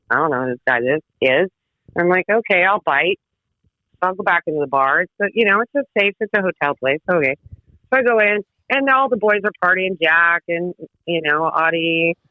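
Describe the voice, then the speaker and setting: A woman guest telling wild stories in casual chat, lively and laughing, swearing freely. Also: lowish voice, dry recording. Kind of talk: casual storytelling. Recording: tinny phone-like line, dry.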